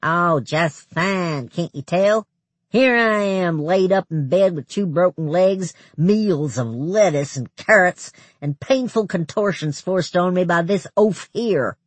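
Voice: medium pitch, lively intonation, slow, fairly bright tone, no echo, pitched above the performer's own voice. A reader voicing a cantankerous, bedridden old man in an audiobook, sneering and sarcastic. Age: older. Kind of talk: audiobook character voice.

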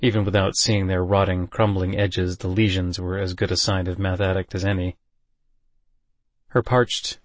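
A man giving a measured, unhurried first-person audiobook narration. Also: lowish voice, no echo.

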